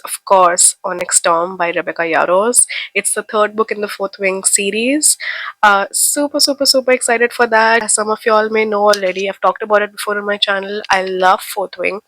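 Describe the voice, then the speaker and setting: A woman's voice: medium pitch, a bit bright, dry recording, low-quality recording. A young woman from India with a head cold, chatting to camera as a book vlogger in an enthusiastic, gushing way. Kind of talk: casual chat to camera.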